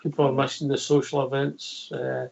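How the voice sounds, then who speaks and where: A man's voice: medium pitch, little pitch movement, moderate pace, gravelly, darkish tone, muffled recording. A man hosting a radio call-in show, chatting with callers in friendly banter. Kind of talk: casual call-in chat.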